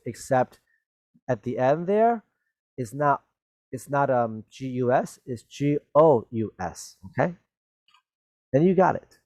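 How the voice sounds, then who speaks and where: Man teaching kids spelling, super patient, spells stuff out letter by letter, slow unhurried talk. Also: mid-range voice, a little mellow, dry recording. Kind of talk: spelling and vocabulary lesson for children.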